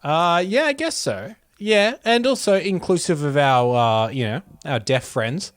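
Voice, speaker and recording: An Australian man co-hosting a relaxed podcast, his voice a touch high and very lively in its ups and downs. The sound is dry and close, with no room around it. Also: measured pace, no echo. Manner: playful storyteller, mimics others' voices. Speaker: podcast co-host. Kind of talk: casual podcast chat. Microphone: remote recording.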